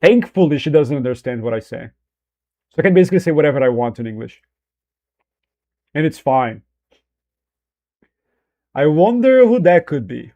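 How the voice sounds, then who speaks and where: Loose, profane young streamer, slightly higher voice. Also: male voice, sing-song, normal speed, pauses often, mellow, dull audio. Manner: loose and profane, joking, reacting to chat. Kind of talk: casual livestream chat.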